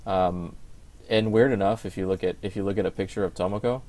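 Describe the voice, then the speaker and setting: A man's voice: low-pitched, fairly even intonation, a little fast, a little mellow. A young man co-hosting a podcast in casual chat, rambling with lots of fillers and restarts. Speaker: podcast co-host.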